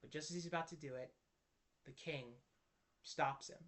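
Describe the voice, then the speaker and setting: A man's voice: a little high, fairly even intonation, normal speed, fairly bright tone. A man telling a personal story to camera in an earnest, impassioned way, often restarting his sentences. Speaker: Christian video creator.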